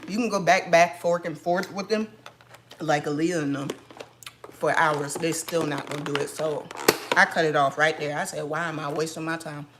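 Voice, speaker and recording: A mom vlogger telling an animated, sassy story with frequent laughs in a casual chat at home. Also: female voice, low voice, moderate pace, background noise.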